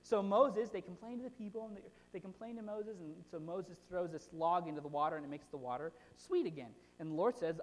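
The sermon here is casual and lively, with a chatty preacher tossing out rhetorical check-ins at a middle pitch. He talks slightly quickly, barely pausing, and his voice carries a long, ringing hall reverb.

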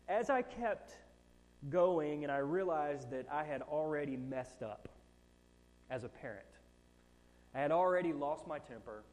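A man in his thirties preaching from the pulpit, telling a self-mocking personal story with animated, rising and falling emphasis. His voice sits a touch high for a man, and it carries with a long reverb through a large church sanctuary. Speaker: pastor. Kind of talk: sermon.

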